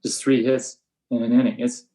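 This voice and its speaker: An older man and veteran baseball coach talks through his practice methods in a relaxed interview, matter-of-fact, and now and then he acts out the blunt lines he says to his players. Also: mid-range voice, normal speed, poor audio. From USA. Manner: flat, matter-of-fact storytelling, acting out his own sharp coaching lines. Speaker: high school baseball coach.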